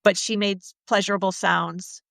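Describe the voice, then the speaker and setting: A woman's voice: mid-range voice, level tone, moderate pace, vocal fry, fairly bright tone, no room sound. A middle-aged woman sex therapist telling candid stories in casual conversation, acting out the voices of the people she quotes. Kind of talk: conversational storytelling.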